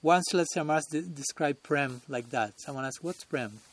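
A man acting as a swami gives a devotional lecture at a temple, talking conversationally, chuckling often, and searching for words. His voice is a little high and fairly quick, with no room sound.

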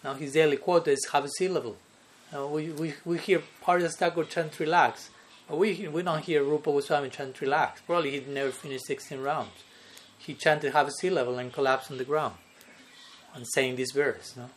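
Slightly high-voiced man giving a devotional talk. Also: steady tone, fairly quick, slight background noise. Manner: checks in with listeners by asking "no?" and "okay?"; chuckles often between points. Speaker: spiritual teacher. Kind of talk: devotional lecture.

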